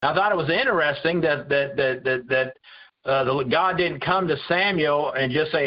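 A man's voice: fairly high pitch, normal speed. A man teaching a Bible study in a conversational preaching style, earnest and full of restarts and repeated words. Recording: dull lo-fi recording.

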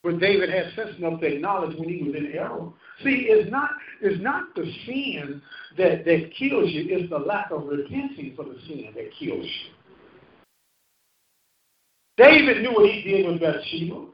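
A man's voice: sits high, very animated, normal speed. A man in his fifties preaching a sermon with call-and-response, rising and falling for emphasis. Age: 50s. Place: church sanctuary. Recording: roomy muffled church recording from a distance.

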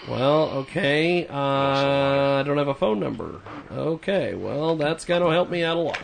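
A man's voice: a little high, unhurried, creaky, background noise. Hesitant man hosting a radio show. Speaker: radio host.

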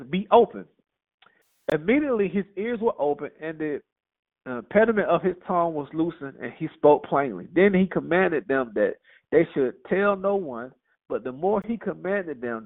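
Brief: lively male Bible teacher, gravelly fry, tinny phone-like sound. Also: fairly high pitch. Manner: lively, conversational, with rhetorical questions. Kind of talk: casual Bible teaching, reading and commenting.

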